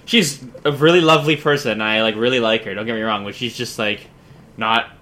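Bright-voiced man in his twenties. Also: lowish voice, a little fast. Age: 20s. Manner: rambling storytelling, laughs often. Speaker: podcast co-host. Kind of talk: casual chat.

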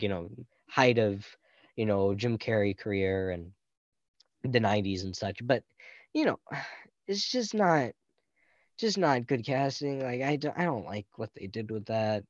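A man's voice: mid-range voice, animated, moderate pace, no echo, highs cut off. A young man hosting a podcast, chatting loosely about films in a jokey, rambling way and laughing often. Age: young adult. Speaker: podcast host. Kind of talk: casual film review chat.

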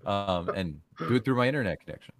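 A man with a very deep voice talks in a casual podcast chat, with lots of "like" and many restarts. The sound is dry and close, with no room echo. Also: lively intonation, fast talker. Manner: filler-heavy, many restarts.

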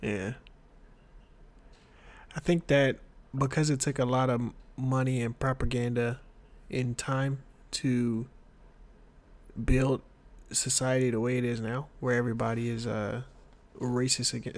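A man with a mid-pitched voice co-hosts a casual podcast. He teases his partner, laughs easily, and swears freely in relaxed banter. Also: moderate pace. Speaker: podcast co-host. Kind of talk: casual chat.

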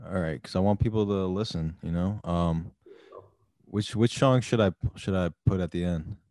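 Casting: very low-voiced male podcast host, relaxed, dry close sound. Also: moderate pace, dry recording. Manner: laid-back, brief agreeing replies. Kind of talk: casual podcast chat.

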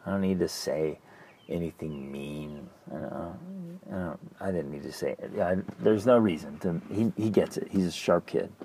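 A middle-aged man tells a story on a talk show, his low voice gravelly and a little husky. His pitch swings widely as he acts out his own thoughts, often restarting his sentences. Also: very animated, moderate pace, mellow, a little hiss or hum. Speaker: podcast co-host. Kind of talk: casual storytelling chat.

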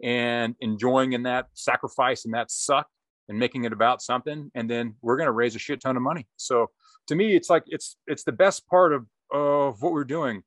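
A man's voice: mid-range voice, moderate pace, fairly bright tone, no echo. A man in casual chat, rambling, swearing freely and laughing often.

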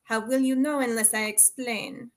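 A woman voicing a charming, smooth-talking young Frenchman with a French accent in a silky, playful manner. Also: fairly high pitch, steady tone, normal speed, close to an everyday voice. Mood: coaxing.

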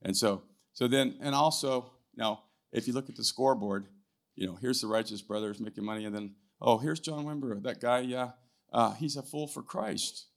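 An older man speaking as a guest at a church, telling a testimony story in a loose conversational way, often tagging his lines with "right?" and clearing his throat. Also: medium pitch, normal speed. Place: church hall, live event.

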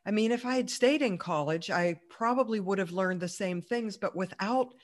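A woman's voice: mid-range voice, normal speed. A woman as an interview guest, chatting through a personal story with plenty of fillers and easy laughs. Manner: chatty, many fillers, laughs while telling.

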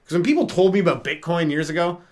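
Young guy, kinda high voice, rambling and swearing through podcast bits. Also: lively intonation, fast talker, darkish tone. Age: young adult. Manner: profane, rambling, jumps into mock voices. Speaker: comedian podcast host. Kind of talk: rambling stand-up style monologue.

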